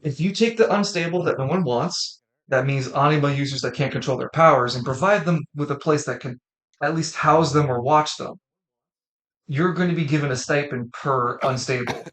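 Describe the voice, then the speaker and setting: A man's voice: fairly high pitch, normal speed, a bit bright. A man running a tabletop role-play game as game master, narrating in a rambling way and correcting himself as he goes. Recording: echoey room.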